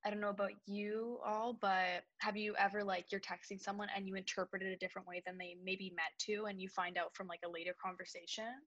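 A woman's voice: medium pitch, little pitch movement, fairly quick, few pauses, fairly bright tone, muffled recording. A young adult woman co-hosting a podcast, chatting casually and acting out text messages in different voices. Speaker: podcast co-host. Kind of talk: casual chat.

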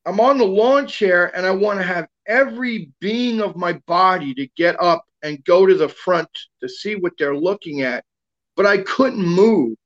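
A man's voice: high voice, expressive, unhurried, a bit bright, lo-fi sound. A man guest telling a long personal story in casual talk, rambling with lots of fillers and restarts.

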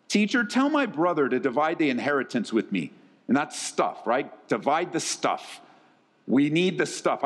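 A man preaching a sermon, emphatic and direct, repeating key phrases to his congregation. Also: a little high. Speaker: pastor. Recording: long hall reverb.

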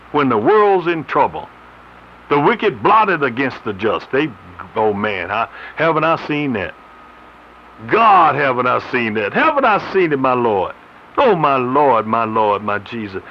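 A man preaching a radio sermon, laughing often as he reads and explains scripture. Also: on the high side. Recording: slightly muffled radio broadcast with faint noise.

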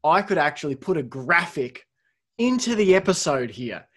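A man's voice: a little high, very animated, normal speed, pushed and bright. A man hosting a casual sports podcast, reading out scores with wry asides. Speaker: podcast host.

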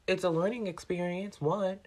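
Telling a work story in a laid-back vlog, this restaurant manager swears freely and swings from composed to heated. His pitch is high, his tempo steady, and his voice slightly rough.

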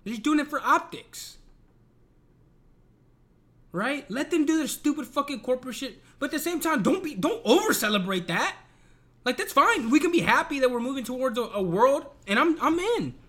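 High-voiced, exasperated man ranting. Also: big pitch swings, moderate pace, bright, forceful tone. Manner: profane, exasperated, emphatic. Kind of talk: casual ranting commentary.

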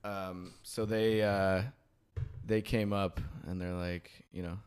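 A man's voice: deep voice, level tone, slow, a little mellow, slight background noise. A man hosting a casual podcast chat, rambling and joking with many fillers. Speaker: podcast host.

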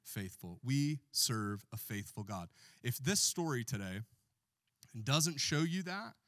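A man's voice: medium pitch, expressive, slow pace, fairly bright tone, dry recording, studio quality. Joking pastor preaching to his congregation. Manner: joking, call-and-response with the congregation. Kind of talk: sermon. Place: church.

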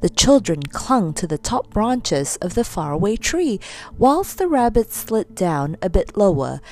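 A woman reading a classic children's storybook aloud, expressive and animated. Her voice sits in a middle register and swings through a lively, melodic range. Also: medium pitch, unhurried.

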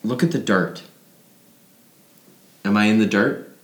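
A man's voice: lowish voice, takes it slowly, echoey room. A man playing a drunk friend who keeps asking odd, probing questions about where his self is. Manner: rambling, probing questions, bursts into mock yelling. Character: drunk philosophizing man, Pete, playful and needling. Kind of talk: audio drama acting.

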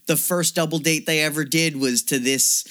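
A man's voice: fairly high pitch, fairly even intonation, moderate pace, pushed and bright. A man co-hosting a film podcast, casually retelling the plot with lots of fillers and easy laughs. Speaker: podcast co-host. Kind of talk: casual film review chat.

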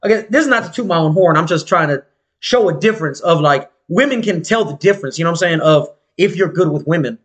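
A male podcast co-host, his voice a little high and fast, tells a story in an easygoing chat. He stays animated, slangy and profane, imitating the people he quotes.

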